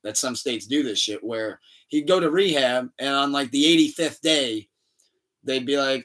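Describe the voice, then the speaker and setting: A man in casual podcast chat, recounting a story and slipping into the voices of the people in it. His voice sits at a middle pitch, and he is heard from a little way off the microphone. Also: normal speed, recorded from a distance. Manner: animated storytelling, acts out quoted dialogue. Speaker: podcast co-host. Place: room shared with co-host.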